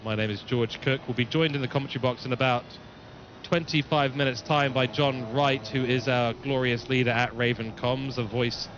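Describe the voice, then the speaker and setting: Race commentator, mixed English and Kiwi accent. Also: male voice, mid-range voice, dull audio. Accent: mixed English and New Zealand. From New Zealand. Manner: chatty, reads viewer chat aloud. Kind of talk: live sim-racing commentary.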